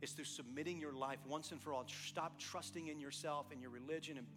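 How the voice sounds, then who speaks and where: Pastor, male, high bright voice, sermon in a reverberant hall over faint music; animated storyteller. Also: fairly quick. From East Texas. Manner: animated storytelling, acting out both sides of dialogues, then quiet earnest appeal.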